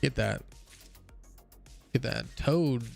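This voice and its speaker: Gravelly-voiced man rambling while gaming. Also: medium pitch, extremely slow, soft background music. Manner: rambling, many fillers and restarts; yawning, a bit tired. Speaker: gaming streamer. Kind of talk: casual chat while playing a game.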